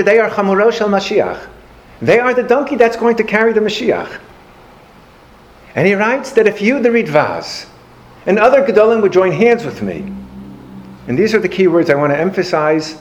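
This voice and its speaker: Male lecturer, higher register, anecdotal storyteller with a wry streak. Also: normal speed. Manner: animated anecdotal delivery with dry humor. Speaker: lecturer on Jewish history. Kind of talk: storytelling lecture to a live audience.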